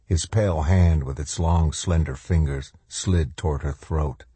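Deep, slow male horror narrator. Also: warm tone, husky, no echo. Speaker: audiobook narrator.

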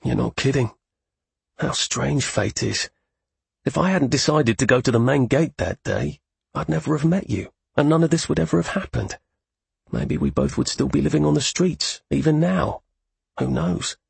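A man's voice: mid-range voice, normal speed, gravelly, breathy edge, dry recording, full character voice. A man voicing an earnest, hesitant young magic user in an audiobook. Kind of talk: audiobook character voice.

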